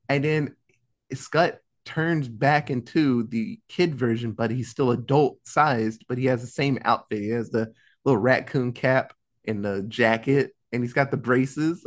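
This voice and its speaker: A young man casually retelling a movie's plot in a podcast, swearing often and briefly acting out the characters. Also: medium pitch. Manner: animated, profane, acts out characters in quick asides. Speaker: podcast host recapping a film. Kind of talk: casual storytelling recap.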